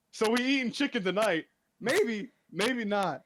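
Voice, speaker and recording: A young man with a fairly high voice swoops up and down as he rants in casual chat. He talks in an exasperated, laughing way, like a streamer venting to a friend. A faint hiss of noise sits under his voice. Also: moderate pace. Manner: exasperated, laughing, animated storytelling.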